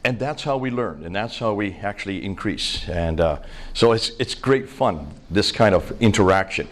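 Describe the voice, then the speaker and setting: A man's voice: on the low side, animated, moderate pace. An older man from India with an American accent, lecturing a live audience in an emphatic, conversational storytelling way. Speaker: speaker at a seminar.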